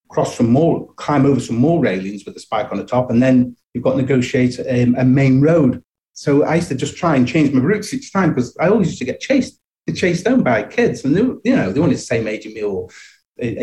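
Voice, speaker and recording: Mellow-voiced middle-aged Englishman reminiscing. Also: mid-range voice. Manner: reflective, chuckling, frequent restarts. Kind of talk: personal storytelling.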